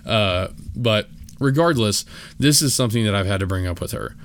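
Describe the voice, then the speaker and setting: Rambling, low-voiced man podcasting solo. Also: lively intonation, moderate pace. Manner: rambling, self-deprecating, many fillers and restarts. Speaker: podcast host. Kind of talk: casual solo podcast talk.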